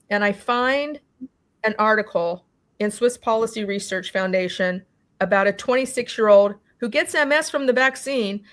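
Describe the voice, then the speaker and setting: A woman recounting her own experience in an interview, talking animatedly, acting out what people said and often restarting with "you know". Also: medium pitch. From California. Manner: animated storytelling, acting out quoted dialogue. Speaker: interview guest. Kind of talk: personal testimony in a conversation.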